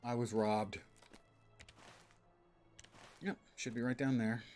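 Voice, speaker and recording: A man's voice: medium pitch, fairly even intonation, slow, darkish tone, faint music behind. A man streaming a game, joking and chatting casually as he plays and reads game text aloud. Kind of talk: casual gameplay commentary.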